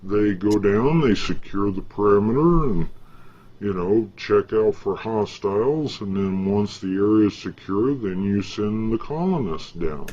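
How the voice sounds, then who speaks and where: A man's voice: on the low side, lively intonation, unhurried, mellow. A man in a rambling, casual monologue, folksy and boastful, with an aggrieved edge. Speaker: vlogger. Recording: dull lo-fi recording.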